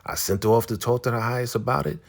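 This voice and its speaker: A man voicing a scheming young woman who bosses others around in a quick, coaxing way. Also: mid-range voice, steady tone, pitched above the performer's own voice, close to an everyday voice. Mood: urgent.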